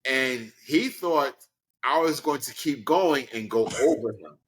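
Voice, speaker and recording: A man from Brooklyn tells a story as an interview guest. His voice sits at an ordinary middle pitch, but he is animated and acts out the people in his story with sudden high leaps. His delivery is casual and conversational. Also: slow. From Brooklyn, New York. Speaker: guest, professional wrestler.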